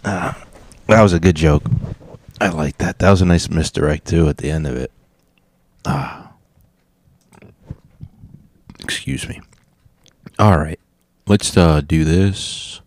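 Deep-voiced podcast host man, dry sound. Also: takes it slowly, pauses often, a little mellow, no room sound. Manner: laid-back, profane, rambling. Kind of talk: casual reaction commentary.

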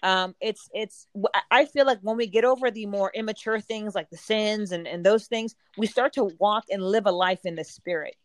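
A woman's voice: medium pitch, normal speed, hardly any pauses, no room sound. A woman guest giving an earnest personal testimony in a casual chat. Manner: earnest storytelling, some restarts.

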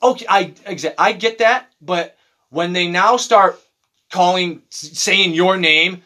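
Bright, profane man telling animated stories. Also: high voice, unhurried. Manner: profane, animated storytelling with mocking voices. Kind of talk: casual chat.

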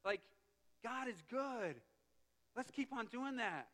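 A male pastor preaching a sermon in a church, impassioned, swinging from loud passages to hushed ones. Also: very high-pitched, expressive, slow. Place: church sanctuary. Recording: long reverb of a church hall.

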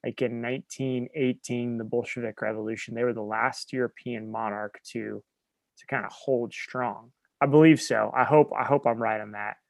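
A man's voice: medium pitch, fairly even intonation, gravelly, no room sound. A man from Nebraska co-hosting a podcast in casual chat, rambling and correcting himself as he goes. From Nebraska, USA. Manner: rambling, self-correcting, quick to laugh. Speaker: podcast co-host.

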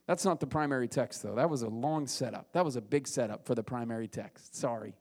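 A young adult pastor preaching a casual, conversational sermon full of rhetorical questions, rising in voice for emphasis. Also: male voice, medium pitch, brisk, hardly any pauses, a little mellow.

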